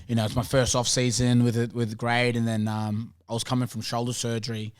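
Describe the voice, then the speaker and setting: A man's voice: mid-range voice, fairly quick, clean tone. A young Australian man, a rugby league player, chatting as a podcast guest in a loose, laughing storytelling style, acting out quoted conversations. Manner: animated, laughing, acts out quoted dialogue. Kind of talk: casual storytelling chat.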